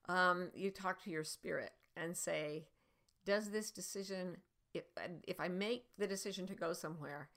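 Middle-aged woman podcast host, kinda low gravelly voice, chatty storytelling w lots of ums. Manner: warm storytelling, chatty with many fillers. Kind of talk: casual spoken coaching talk.

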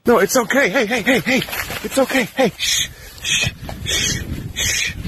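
A man with a Chicago accent talking soothingly to a wild coyote, hushing and coaxing it in a rambling way. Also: very high-pitched, a little slow, noisy background. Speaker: man in a viral video calming a coyote. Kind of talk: soothing talk to a wild animal.

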